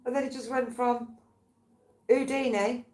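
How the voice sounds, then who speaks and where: A woman's voice: a little high, steady tone, unhurried, darkish tone. A woman in casual chat, telling meandering, tangent-hopping stories and swearing freely. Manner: rambling, tangential storytelling with swearing. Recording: roomy, faint background ambience.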